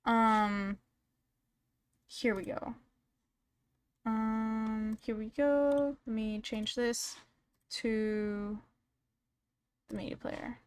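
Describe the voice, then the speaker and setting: A woman's voice: a little high, steady tone, extremely slow, pauses often, a little hiss or hum. A woman commenting casually on a stream, reading messages aloud and reacting bluntly, with frequent swearing.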